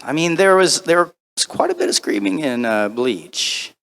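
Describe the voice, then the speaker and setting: A man answering audience questions on a convention panel, chatty and animated, acting out the voices in his stories. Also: on the high side, moderate pace, creaky. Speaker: voice actor guest on a convention panel.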